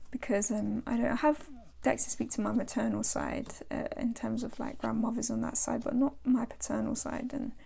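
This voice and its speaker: Chatty woman with a gravelly edge. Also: on the high side, flat delivery, moderate pace, hardly any pauses, dark tone. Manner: chatty, rambling, with laughs and fillers. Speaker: tarot vlogger. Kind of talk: casual show-and-tell chat. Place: home.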